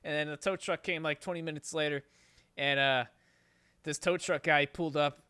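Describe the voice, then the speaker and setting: On his podcast, a man with a slightly high, clean-toned voice speaks at a normal speed while telling a drawn-out story. He swears throughout, wanders off on tangents, and stays lively the whole time. There's no echo.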